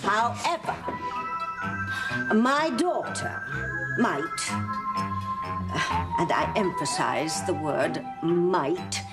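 A wicked witch mother who relishes being bad, stretching her words very slowly with a lively, swooping pitch. She is arch and mock-sweet, and loud dramatic music plays under her. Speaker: soap opera actress. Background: loud dramatic score.

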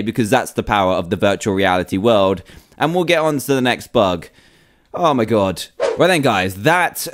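A young man commentating a Minecraft mod showcase, excitable and jokey, his voice swinging from loud yelps to low mutters. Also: a little hiss or hum. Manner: animated, jokey, swings between shouting and muttering. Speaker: gaming YouTuber.

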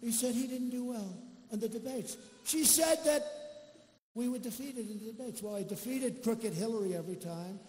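High, booming rally speaker in an echoey arena. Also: male voice, moderate pace, a little mellow, a little hiss or hum. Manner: boastful, rambling, mocking asides. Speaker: politician. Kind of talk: campaign rally speech. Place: large indoor rally venue. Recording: echoey arena with crowd ambience.

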